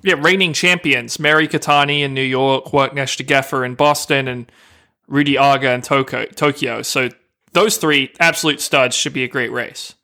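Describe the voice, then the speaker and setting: A man's voice: medium pitch, fairly even intonation, normal speed, pushed and bright. A man co-hosting a podcast in casual chat, laying things out step by step. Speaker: podcast co-host.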